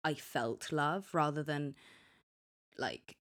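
A woman's voice: sits low, takes it slowly, fairly bright tone. A young woman co-hosting a podcast, telling a story in casual chat with many restarts and acted-out quotes. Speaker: podcast co-host.

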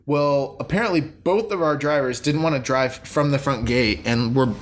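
A man's voice: mid-range voice, normal speed, slight background noise. A man co-hosting a casual wrestling podcast, telling stories with energy and acting out his own heated replies. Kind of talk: casual chat.

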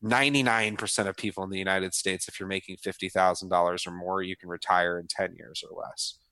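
Upbeat low-voiced man in his thirties. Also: fairly quick, dry recording. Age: 30s. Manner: energetic, laid-back, often says "man" and "dude". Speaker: guest author. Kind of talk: casual interview.

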